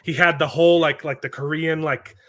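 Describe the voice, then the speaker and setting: A man's voice: a little high, steady tone, brisk, fairly bright tone. A man chatting as a guest on a live stream, rambling through anecdotes and repeating words. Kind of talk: casual live-stream chat.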